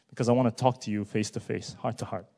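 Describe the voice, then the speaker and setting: A man preaching a sermon, asking many rhetorical questions and moving between hushed words and loud rising emphasis. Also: mid-range voice, gravelly, breathy edge.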